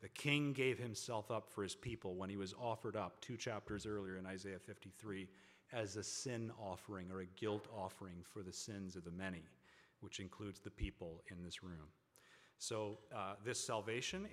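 A man preaching a sermon to a congregation, with emphatic, drawn-out stresses on key words. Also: on the low side, fairly bright tone. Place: large hall with a congregation. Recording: long hall reverb.

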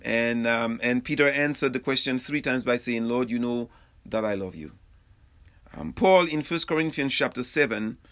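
A man of middle pitch preaching a sermon. He talks in a halting, informal way, full of ums, repeated words and restarts. He chuckles lightly between his points. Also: fairly bright tone. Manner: halting, with many fillers and restarts, chuckles often. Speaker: pastor.

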